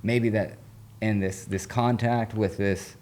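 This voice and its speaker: Man, recovery coach guest, low mellow voice, earnest, rambling, slangy casual storytelling. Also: steady tone, slow.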